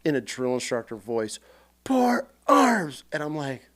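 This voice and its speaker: A man from central Washington who served as a Marine, telling stories on a podcast in a casual, animated way and acting scenes out loudly. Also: medium pitch, brisk, crowd noise. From central Washington, USA. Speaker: podcast guest, Marine veteran. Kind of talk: casual storytelling.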